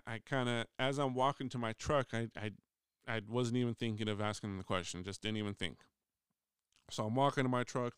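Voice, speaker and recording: In a voice message, a middle-aged union steward casually rambles through a workplace story, frequently breaking off to restart sentences and acting out what others said. His mid-range voice is very smooth and clear, and the recording is dry and close with no room sound.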